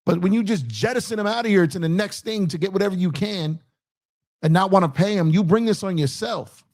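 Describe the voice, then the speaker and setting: A man's voice: high voice, fairly quick, darkish tone. Fired-up man ranting about baseball. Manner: emphatic, repetitive, taunting rival fans; reads out viewer super chats. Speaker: sports show host. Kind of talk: fired-up fan commentary.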